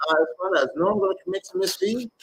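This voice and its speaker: Male tarot reader on a live stream, slightly high and very expressive voice, blunt and swears a lot. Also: fast talker, a little hiss or hum, rough recording. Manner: blunt, animated, swears freely.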